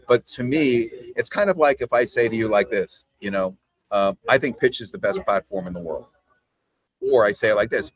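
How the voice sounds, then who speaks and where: A man coaching a team over a video call. He talks in a casual, conversational way and keeps checking in with "right?" and "you know.". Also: fairly low pitch. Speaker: trainer leading a team call.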